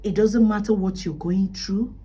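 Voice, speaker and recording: A woman's voice: medium pitch, fairly even intonation, moderate pace, warm tone, breathy edge, far from the mic, low-quality recording. A woman with a Nigerian accent hosting a radio advice talk on parenting, speaking emphatically with rhetorical questions and sometimes dropping into a whisper. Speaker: radio talk show host.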